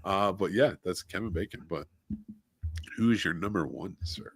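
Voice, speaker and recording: Deep-voiced man co-hosting a podcast. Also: moderate pace, slightly rough, no echo, studio quality. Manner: enthusiastic, listy, many "uh" fillers. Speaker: podcast co-host. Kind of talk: casual film chat.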